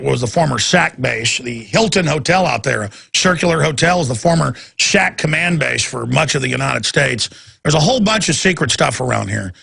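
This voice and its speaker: A man's voice: mid-range voice, bright, forceful tone. A male radio talk show host delivering a heated, sarcastic political rant. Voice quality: gravelly, raspy.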